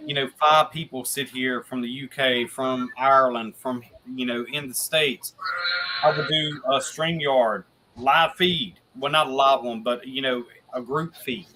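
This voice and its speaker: Guest man, bright tone, loose rambling delivery, faint hiss on the line. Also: mid-range voice, fairly even intonation, measured pace. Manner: rambling, restarts a lot, swears casually. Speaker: guest paranormal investigator. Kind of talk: casual video podcast chat.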